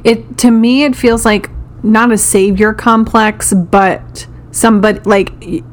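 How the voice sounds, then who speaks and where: Woman chiming in with quick reactions. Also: mid-range voice, steady tone. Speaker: podcast co-host. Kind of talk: casual chat.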